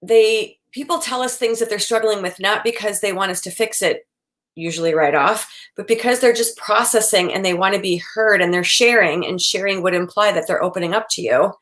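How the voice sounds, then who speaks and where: A woman's voice: medium pitch, brisk, fairly bright tone. A woman in her forties, a psychotherapist giving casual advice and acting out quoted lines of dialogue. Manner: chatty, acts out quoted dialogue. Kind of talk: casual expert advice talk.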